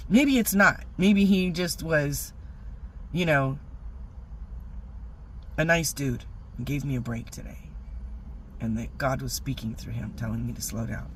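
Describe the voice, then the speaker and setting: A middle-aged woman telling a rambling personal story in a casual vlog, animated and full of fillers. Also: rumbling low, measured pace, long pauses, a little hiss or hum. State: teary-eyed. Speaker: vlogger.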